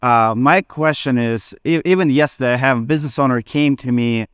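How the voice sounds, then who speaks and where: Brief: host, man, English, hesitant, smooth and dry voice. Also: mid-range voice, fairly quick, a bit bright, no room sound. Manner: hesitant, with fillers and non-native grammar. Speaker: conference host asking a question. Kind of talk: questions on stage.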